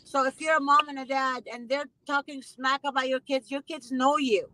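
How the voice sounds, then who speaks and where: High bright indignant woman. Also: steady tone, moderate pace, poor audio. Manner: emphatic, repeats phrases, indignant. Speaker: host. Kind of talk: casual conversation.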